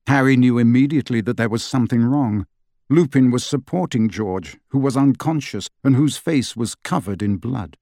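A man reading an audiobook with steady storytelling narration. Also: medium pitch, no echo, studio quality. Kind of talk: scripted narration.

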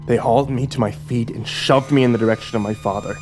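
A man tells a first-person horror story in a subdued, hushed delivery. His voice sits at an ordinary middle pitch. Quiet music plays faintly beneath him. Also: steady tone, fast. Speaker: narrator.

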